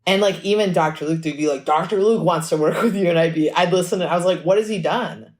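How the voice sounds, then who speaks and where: A woman musician telling stories in a casual podcast interview, lively and chatty, acting out what people said. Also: lowish voice. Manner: animated storytelling, acts out quotes; fast and chatty, frequent "like". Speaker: musician guest.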